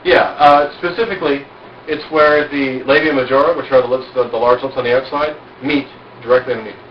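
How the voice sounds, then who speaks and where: Holding forth at a backyard cookout, this man speaks at a medium pitch with fairly even intonation and a fairly quick pace, boastfully and self-assuredly instructing a small group while firing off rhetorical questions. It's a dull, distant, roomy amateur recording carrying a bit of hiss or hum.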